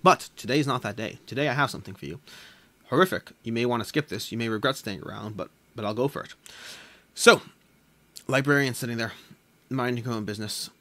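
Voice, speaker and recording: A man hosting a board game channel, telling a long joke to camera in a quiet, deadpan way with small self-corrections. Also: mid-range voice, fast, no echo. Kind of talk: casual chat, telling a joke. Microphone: camera mic.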